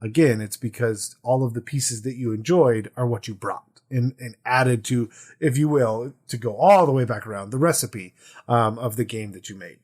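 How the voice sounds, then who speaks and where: A man's voice: mid-range voice, normal speed, slightly rough. A man co-hosting a tabletop gaming podcast in casual, playful chat. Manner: animated, playful storytelling. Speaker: podcast co-host.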